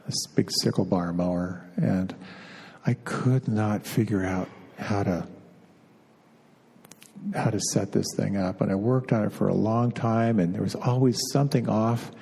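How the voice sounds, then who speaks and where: A middle-aged man teaching meditation in a slow, halting way, often repeating a word as he feels for the next. His voice is low and mellow with a gravelly edge. Long reverb of a hall trails behind him. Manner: unhurried, halting, often repeats words as he searches. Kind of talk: spiritual talk.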